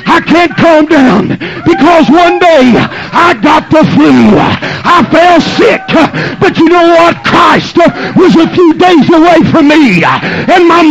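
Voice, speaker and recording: A man playing Lazarus, a gravelly shouting risen man. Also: extremely high pitch, muffled recording, pitched above the performer's own voice, heavily acted. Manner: shouting, questioning the crowd. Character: Lazarus, a man back from the dead, excitable.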